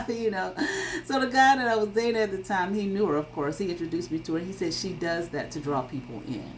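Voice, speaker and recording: A woman's voice: mid-range voice, fairly quick, slight background noise, low-quality recording. Emphatic woman giving a tarot reading. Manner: emphatic, checks in with frequent "okay?"; blunt, swears freely. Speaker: tarot reader. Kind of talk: casual spoken tarot reading.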